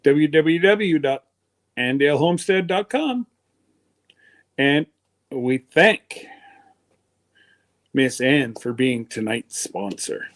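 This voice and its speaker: Slow, rambling, congested man. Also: medium pitch, animated. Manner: folksy, meandering talk. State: chest congestion from pneumonia. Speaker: livestream host. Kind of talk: rambling casual chat.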